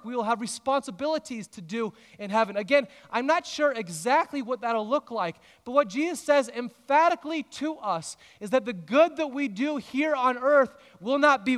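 A man preaches earnestly from the pulpit, lifting phrases for emphasis and slowing into long pauses. His voice sits high for a man. A long reverb trails his words through the church. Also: a bit bright. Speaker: pastor. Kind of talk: sermon.

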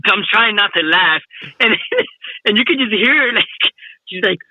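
Animated, laughing man telling a story. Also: high voice, moderate pace, breathy edge, dry recording, muffled recording. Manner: animated, laughing, slangy, swears often. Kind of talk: casual storytelling chat.

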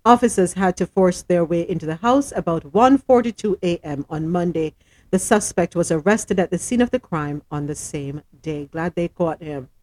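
A woman's voice: on the low side, moderate pace, darkish tone. A woman hosting a live radio show, chatting with laughter and reading news items aloud.

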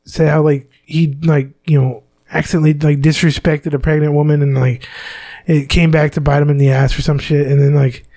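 A man's voice: a little high, level tone, a little fast, vocal fry, few pauses, dark tone. A young man co-hosting a podcast, rambling and stammering through crude casual chat. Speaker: podcast co-host.

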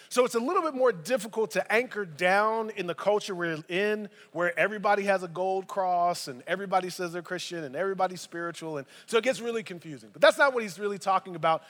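Male pastor, high voice, lively conversational sermon with asides, church sanctuary with long reverb. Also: quick pace, few pauses. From United States. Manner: animated, conversational preaching with asides.

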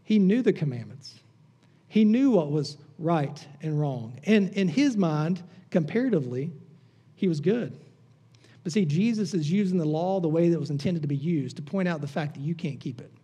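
A man, preaching a sermon as a pastor. He talks conversationally and teases the congregation, and goes soft and low for prayer. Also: lively intonation, moderate pace, slightly rough.

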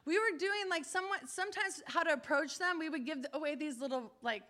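Bright high-voiced woman preacher. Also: fairly quick. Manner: animated storytelling, acting out the people she quotes. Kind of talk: testimony in a sermon.

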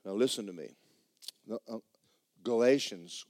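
A man preaching a sermon in church, jumping between loud, high shouts and low muttered asides, mimicking skeptics as he tells stories. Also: lively intonation, a little slow, long pauses, no echo, studio quality. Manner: storytelling, mimics skeptics mockingly. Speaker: pastor.

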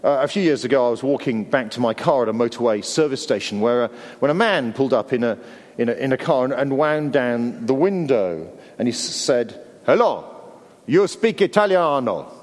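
A man's voice: medium pitch, fairly quick, darkish tone, long reverb tail. A middle-aged Englishman preaching a sermon in a conversational way with wry asides.

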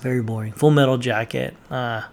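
A man's voice: mid-range voice, fairly even intonation, brisk, gravelly. A man giving blunt, offhand opinions in casual commentary, with plenty of fillers. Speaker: vlogger reacting to movie lists.

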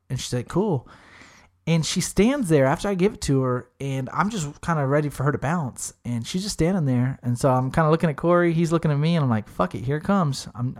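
A young man telling a funny story in casual chat, swearing freely and acting out the voices of the people he quotes. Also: a little high.

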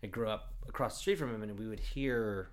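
A man's voice: fairly low pitch, brisk. A man from Oregon telling rambling stories in casual chat, full of fillers and restarts. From Oregon, USA.

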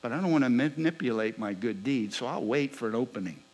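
A man in the pulpit telling a story as part of his sermon. He talks at a middle pitch and moves between punchy, louder moments and quiet, confiding asides. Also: fast, husky, low-quality recording. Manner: animated storyteller, swinging between loud bursts and hushed asides. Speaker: preacher.

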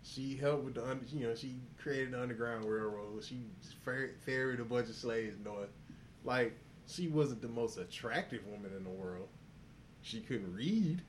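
Over slight background noise, a podcast co-host with a medium-pitched male voice and normal pacing trades profane jokes in easygoing banter, breaking into laughter now and then.

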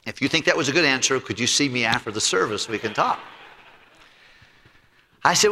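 A middle-aged male pastor preaching a sermon and telling a story, acting out both sides of a conversation in a lively way. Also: mid-range voice, a little fast. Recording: long hall reverb.

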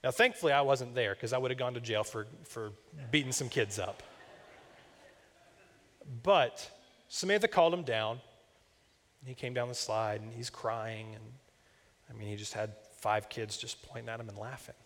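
A man's voice: medium pitch, normal speed, long pauses, a bit bright. A young man, a campus minister, preaching a sermon in a conversational, storytelling way. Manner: conversational, personal storytelling with asides. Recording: long reverb of a large church hall.

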